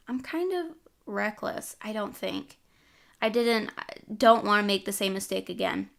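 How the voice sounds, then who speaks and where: A woman's voice: medium pitch, animated, unhurried, gravelly, a bit bright. A woman voicing a reckless, guilty teenage girl. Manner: mumbled, self-deprecating.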